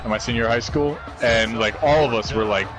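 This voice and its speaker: A young man chatting casually while playing a football game, animated and profane, laughing through stories. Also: medium pitch, a little fast, over music. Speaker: gamer. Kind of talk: casual gaming chat.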